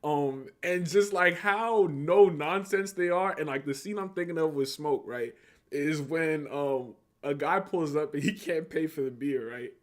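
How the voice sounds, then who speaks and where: A man's voice: on the high side, a little slow. A man co-hosting a podcast, talking about a film in a laid-back, rambling way full of fillers. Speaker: podcast co-host. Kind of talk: casual chat.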